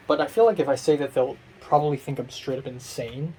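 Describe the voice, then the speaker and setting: A man's voice: medium pitch, a little fast, hardly any pauses, darkish tone, a little hiss or hum. A young man rambling through a casual personal vlog monologue, self-mocking, with many fillers and restarts. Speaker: vlogger.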